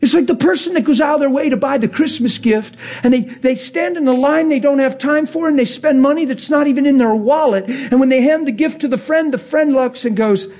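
A man preaching a sermon to a church crowd. He moves from hushed whispers to excited, nearly shouted lines and acts out people's voices in his stories. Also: a little fast, hardly any pauses. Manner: swings between hushed whispers and high excited near-shouting.

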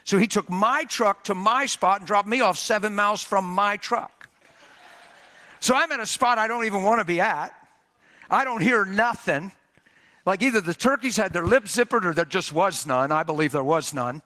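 A man preaching a sermon, telling a story in an animated, jokey way and often exclaiming. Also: high voice, moderate pace.

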